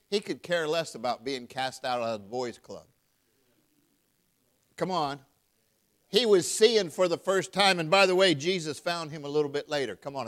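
A man preaching emphatically, reading verses aloud and calling out to his listeners. His voice sits a little high for a man. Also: a bit bright. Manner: emphatic, calls out to the congregation; reads scripture aloud in King James wording. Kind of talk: sermon.

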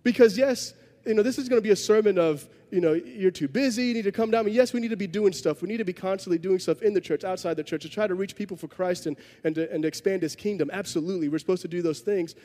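A man's voice: high-pitched, quick pace, few pauses, dark tone, in a large hall. A man preaching a sermon, telling a story in a conversational way with self-deprecating humor. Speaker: pastor.

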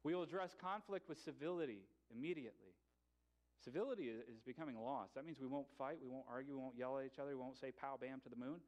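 A male pastor preaching a sermon in a conversational way, with light humor and pauses. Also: medium pitch, a little mellow.

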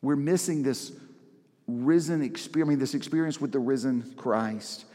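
A man's voice: medium pitch, moderate pace, mellow. A male pastor delivers a sermon in a mid-range voice. He talks to the congregation in a loose, storytelling way and leans into the dramatic moments. The sound carries the long reverb of a large church hall. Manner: conversational storytelling with dramatic emphasis.

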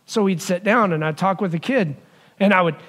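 A middle-aged man, a pastor, preaching in a church sanctuary in a conversational way, slowing down to stress key lines. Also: sits high, a bit bright. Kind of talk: sermon.

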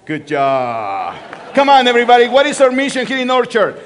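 A man with a Spanish accent preaching a lively sermon, joking and asking his congregation questions. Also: very high-pitched, normal speed, a little hiss or hum. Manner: lively, playful, asks the crowd questions. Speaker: pastor.

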